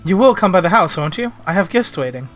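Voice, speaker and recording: A man voicing a gracious, doting upper-class mother from a video game, reading her refined lines aloud on stream in a bright, fairly high voice. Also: big pitch swings, fast, faint music behind. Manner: refined, formal old-fashioned phrasing.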